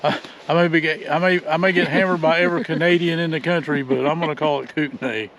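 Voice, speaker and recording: An older male vlogger chats casually while out on a windy trail, folksy and chuckling, saying "y'all". His voice sits on the high side with a fairly bright tone and fairly even intonation, and he talks fast.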